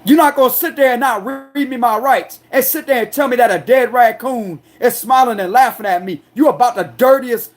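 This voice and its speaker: A man delivering an angry, defiant monologue as a tarot reader, confrontational and forceful, repeating himself to drive points home. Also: extremely high pitch, fairly quick, few pauses, soft background music. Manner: loud, forceful, aggressive delivery.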